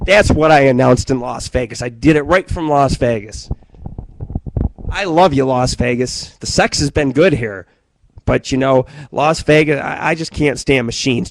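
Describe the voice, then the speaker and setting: A man hosting an internet radio show, telling stories in a profane, rambling way and jumping between loud outbursts and muttering. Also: medium pitch, normal speed, dry recording. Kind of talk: rambling live-stream monologue.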